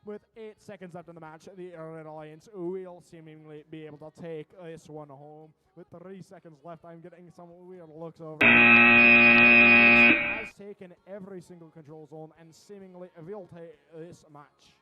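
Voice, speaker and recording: A man giving lively, quick play-by-play commentary at a robotics competition, with joking asides between matches. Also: fairly high pitch, lo-fi sound, soft background music. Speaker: event commentator.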